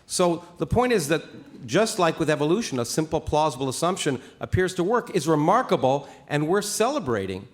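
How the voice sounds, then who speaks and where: A man, a scientist, rebutting his opponent in a formal debate, insistent and quick to push back. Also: fairly high pitch, very animated. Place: debate stage in a large hall.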